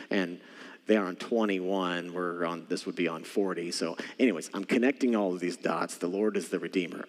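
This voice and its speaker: Male pastor, sermon, animated storytelling, low-pitched voice, big reverberant church room. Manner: storytelling, animated, addresses the congregation directly. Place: church sanctuary. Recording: church hall with long reverb.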